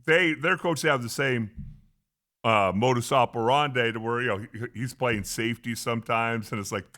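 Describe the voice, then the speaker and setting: A man's voice: medium pitch, moderate pace, pushed and bright. An older man and grandfather co-hosting a casual sports talk show with an easygoing manner. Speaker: co-host. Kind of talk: casual chat.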